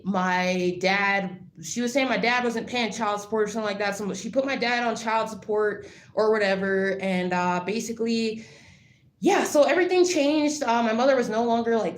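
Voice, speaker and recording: Rambling woman vlogger in an echoey room. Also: medium pitch. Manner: rambling, filler-heavy with frequent "like"; blunt, swears freely. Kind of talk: casual storytelling to camera. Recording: roomy echo.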